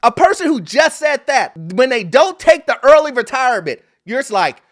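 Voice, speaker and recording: A man's voice: very high-pitched, sing-song, moderate pace, hardly any pauses. A man hosting a commentary show, reacting to clips with laughter and talking straight to his viewers. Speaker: host. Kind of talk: commentary on social media clips.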